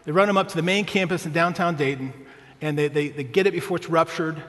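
Man, pastor, sermon, high voice, storytelling, reverberant church hall. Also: fast talker, fairly bright tone. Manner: storytelling with humor, asks the congregation "right?".

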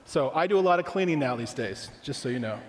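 A man's voice: mid-range voice, animated, fast, long reverb tail, a little hiss or hum. A man preaching a sermon as pastor, conversational, asking the congregation rhetorical questions.

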